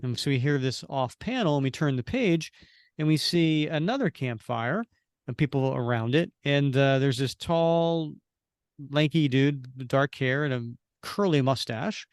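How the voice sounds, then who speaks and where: A man co-hosting a podcast, recapping a comic panel by panel in casual chat and acting out the characters' lines with animated bursts. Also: mid-range voice, measured pace, clean tone, no echo, clean studio sound. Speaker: podcast co-host.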